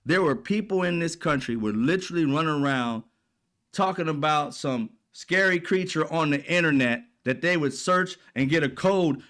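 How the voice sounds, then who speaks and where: A man's voice: fairly high pitch, normal speed, a bit bright. A man hosting political commentary, ranting in a blunt, profane, exasperated way.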